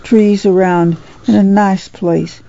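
A woman reading the part of a worn-out, grieving farm mother in a quiet, low voice, on a dull lo-fi recording. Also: steady tone, slow pace, gravelly, no echo. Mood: weary, grieving. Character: weary, grieving farm mother, middle-aged.

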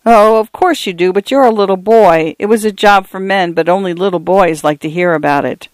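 Man voicing a soft-spoken old grandfather, gentle and wistful, dry close audiobook sound. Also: sits high, brisk, dry recording, close to an everyday voice. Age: older.

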